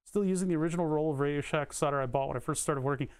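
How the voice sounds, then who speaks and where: A man's voice: on the high side, rapid-fire, clean tone, no echo, clean studio sound. A man live-streaming as he solders electronics, muttering to himself and answering questions from chat in a casual, rambling way.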